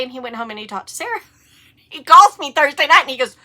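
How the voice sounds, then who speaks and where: A middle-aged woman, hosting a casual knitting podcast and telling animated stories, with the occasional cough and hiccup. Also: sits high, quick pace. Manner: chatty, animated storytelling with rising excitement. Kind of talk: casual chat.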